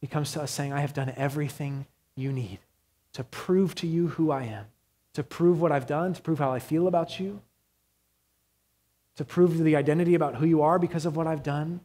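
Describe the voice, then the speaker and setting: A man preaching a sermon as pastor, earnest, moving between hushed quiet passages and raised urgent ones. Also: fairly high pitch, normal speed.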